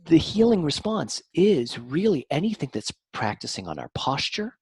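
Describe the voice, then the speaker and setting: A man with a husky edge to his voice explains things as an interview guest. His pitch climbs and drops a great deal as he talks, sometimes lively and sometimes soft and low. The sound is dry and close. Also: normal speed, no room sound. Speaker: guest, mind-body practitioner. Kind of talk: conversational explanation.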